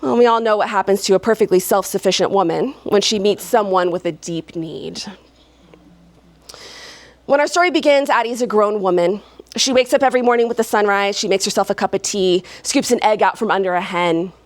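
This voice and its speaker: A woman's voice: mid-range voice, a little fast, no room sound. A woman performing a live oral fairy tale for an audience, playful and chuckling, with folksy asides. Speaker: storyteller. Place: live stage before an audience.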